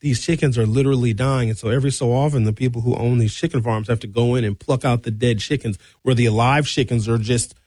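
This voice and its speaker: A man's voice: fast talker, hardly any pauses, no echo. Middle-aged male talk radio host, blunt and sarcastic, dry close mic. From Wisconsin. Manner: animated, blunt, sarcastic, with sudden high-pitched outbursts. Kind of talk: opinionated talk radio monologue.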